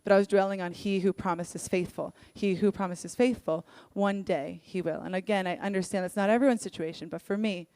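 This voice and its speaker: A young adult woman leading worship, telling personal stories in an earnest, candid sermon and acting out what people said in lively voices. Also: mid-range voice, brisk, hardly any pauses, clear, resonant tone. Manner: earnest, candid storytelling with lively acted-out quotes. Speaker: worship leader.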